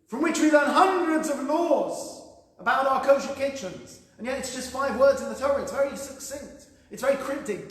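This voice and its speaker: A man delivers a sermon in a fairly high, conversational voice with a dry sense of humour. His words ring out through a hall with a long, echoing tail. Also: a bit bright. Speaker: rabbi. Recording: echoey hall with long reverb.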